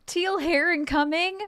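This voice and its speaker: A woman game streamer chatting casually with her viewers while playing, bubbly and excitable, playful and joking. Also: high voice. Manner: bubbly and excitable, with gasps and giggles; playful, jokes and role-plays as a mermaid.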